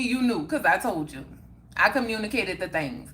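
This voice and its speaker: A young woman talks casually to her livestream viewers and answers their comments. Her voice is bright and sharp. She is emphatic and keeps circling back to the same points. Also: medium pitch, animated, moderate pace. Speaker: livestream host.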